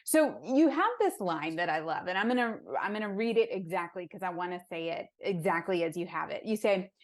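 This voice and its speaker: A woman's voice: fairly low pitch, lively intonation, fairly quick. Encouraging woman podcast host. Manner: warmly affirming, encouraging, reads quotes aloud. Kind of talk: interview hosting.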